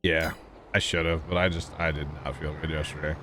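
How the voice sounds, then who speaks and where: A man's voice: very deep voice, level tone, fairly quick, background noise. A man streaming a farming game, chatting casually in a joking, wry way and talking to his chat. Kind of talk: casual chat while gaming.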